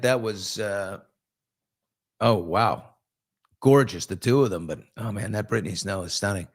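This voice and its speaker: Male host, casual chat, gossipy, lively pitch. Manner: chatty, gossipy, mimics celebrities.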